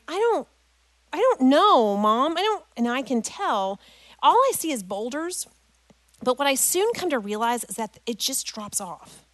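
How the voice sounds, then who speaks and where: Addressing a parents' group as "guys," a middle-aged woman with a fairly high voice shares an emotional personal story and ties it to scripture. Her storytelling is animated, and the recording has no room sound.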